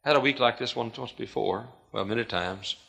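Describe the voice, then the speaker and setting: A man preaching a sermon as pastor, swinging from hushed, quiet lines to loud, shouted climaxes. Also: medium pitch, moderate pace, vocal fry.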